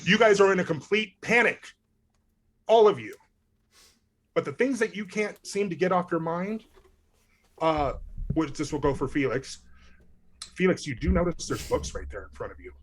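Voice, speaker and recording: A man's voice: on the high side, lively intonation, normal speed, pauses often. A young man acting as game master, narrating a live tabletop game in a rambling way with lots of fillers.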